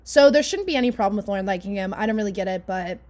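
A woman's voice: medium pitch, lively intonation, rapid-fire, a little mellow. Chatty young woman podcast co-host. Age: young adult. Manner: chatty storytelling, many "you know" asides. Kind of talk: casual chat.

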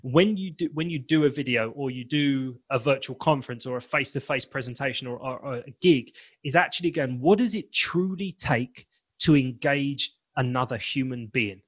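A man speaks at medium pitch and a moderate pace as a guest on an animated podcast interview, where he appears as a confidence and presentation coach. He talks emphatically and acts out snippets of inner dialogue.

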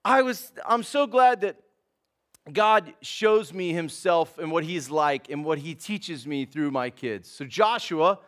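A man's voice: a little high, lively intonation, takes it slowly, a bit bright. A man preaching a sermon in a casual, conversational way, calling people man and dude. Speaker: pastor.

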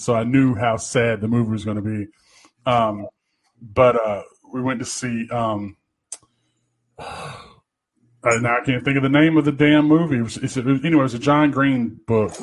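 A man hosting a casual chat, telling rambling, profane stories and laughing often. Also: mid-range voice. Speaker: podcast host.

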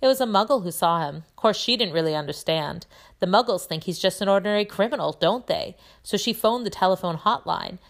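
A woman's voice: mid-range voice, moderate pace, few pauses, fairly bright tone, voice pushed up, natural voice. A woman voicing an eager, chatty schoolboy. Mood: excited.

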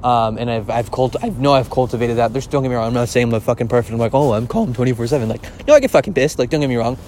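A man hosting a casual solo podcast, rambling and excitable, swearing often and filling his talk with filler words. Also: mid-range voice, rapid-fire, slight background noise. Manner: rambling and profane, heavy use of filler words; excitable, gushing. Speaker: podcast host.

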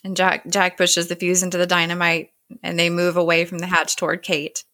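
A woman's voice: on the low side, completely flat delivery, brisk, bright, forceful tone. A woman casually recapping a TV episode, retelling scenes and quoting the dialogue. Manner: chatty retelling with quoted dialogue.

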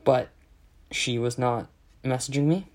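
A man's voice: mid-range voice, unhurried. A man ranting casually, exasperated and sarcastic, swearing heavily as he tells a complaint. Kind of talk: casual profane rant.

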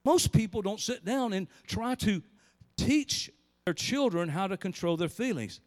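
Lively high-voiced preacher. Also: male voice, measured pace, big-room sound. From Southern US. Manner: storytelling preacher with big swings in pitch and volume. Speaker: pastor. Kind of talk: sermon.

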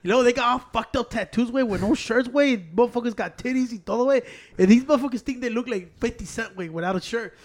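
Dude, talks real fast, animated, cussing and switching languages. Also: extremely high pitch. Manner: animated, mixes Spanish into English, heavy swearing. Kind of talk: casual storytelling chat. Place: Chicago.

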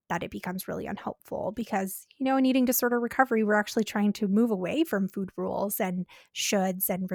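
A woman co-hosts a podcast in a gentle, reflective manner, often pausing to check in with her listener. Her voice sits at an ordinary middle pitch, and the recording is dry and close. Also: gravelly, dry recording. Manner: gentle, reflective, says "right?" and "you know". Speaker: podcast co-host. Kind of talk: casual podcast chat.

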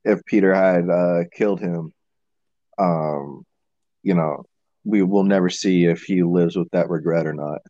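Man, podcast co-host, deep dark voice, dull dry recording, halting thoughtful analysis. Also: fairly even intonation, no room sound. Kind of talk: casual movie discussion.

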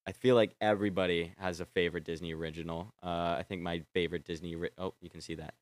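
Low-voiced young man rambling excitedly. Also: quick pace. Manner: excitable, swears freely, trails off and restarts. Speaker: vlogger. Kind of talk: casual rambling chat. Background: faint film score playing.

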